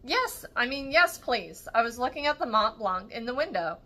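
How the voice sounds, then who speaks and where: A woman's voice: fairly high pitch, big pitch swings, moderate pace, bright, forceful tone, pitched above the performer's own voice, exaggerated voice. A woman voicing an awkward, eager young male student who talks nervously, in a storybook reading. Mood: flustered. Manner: nervous, rambling.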